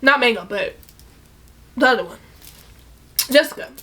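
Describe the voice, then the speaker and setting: A young woman telling a casual storytime, animated and profane, acting out the other people's lines in bursts. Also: fairly high pitch, normal speed, slight background noise.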